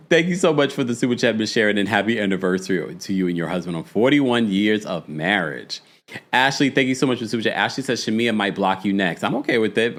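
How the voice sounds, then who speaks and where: A man's voice: mid-range voice, a bit bright. A man hosting a casual commentary show, reading viewer messages aloud and reacting with laughs. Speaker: host.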